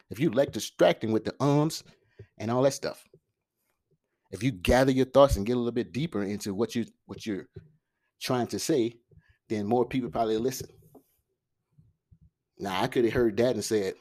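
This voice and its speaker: A man hosting his own podcast alone, talking fast and loosely with slang, fillers and restarts. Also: medium pitch, warm tone. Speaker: podcast host. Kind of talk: casual solo podcast monologue. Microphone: podcast microphone.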